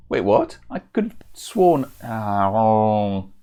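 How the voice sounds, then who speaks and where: A man's voice: lowish voice, sing-song, takes it slowly, warm tone, clear, resonant tone. A man giving chatty, casual commentary while streaming a game, with self-deprecating asides.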